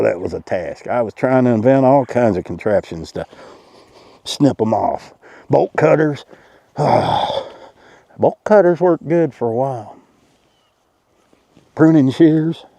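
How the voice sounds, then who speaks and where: A man with a drawl talks straight to the camera, folksy and full of deadpan jokes. His voice is very dark and mellow. The sound is dry and close, with no room around it. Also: medium pitch, no echo. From Arkansas. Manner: folksy, joking, deadpan irony. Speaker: vlogger. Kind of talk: casual direct-to-camera talk.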